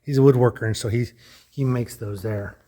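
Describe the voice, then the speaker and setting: A man's voice: mid-range voice, steady tone, a little fast, mellow. A man casually narrating a walking tour of a lodge room, thinking aloud with frequent restarts and guesses. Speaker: vlogger touring a lodge.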